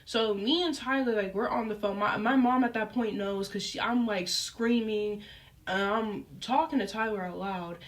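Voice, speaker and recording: A young woman vlogger telling a casual story, animated and full of fillers like "like" and "um". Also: medium pitch, normal speed. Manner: animated, lively retelling with frequent fillers. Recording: voice picked up from a distance.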